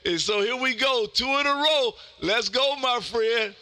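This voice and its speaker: A man hosting a ham radio stream, loud and folksy, calling out for contacts. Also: very high voice, unhurried. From Texas.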